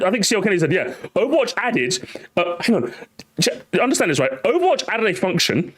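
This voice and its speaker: A man's voice: high-pitched, a bit bright. A young man, chatting casually to his livestream viewers, ranting, swearing and laughing as he talks. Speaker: streamer.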